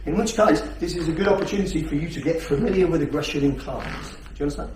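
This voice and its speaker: A man's voice: on the high side, fast talker, a little mellow, a little hiss or hum. A man teaching a self-defence class, blunt and full of swearing, firing rhetorical questions at his students. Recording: echoey hall, distant mic.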